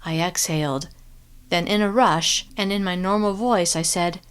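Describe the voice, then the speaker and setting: Woman narrator, audiobook reading, first person, slightly low voice, steady clear delivery. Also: moderate pace.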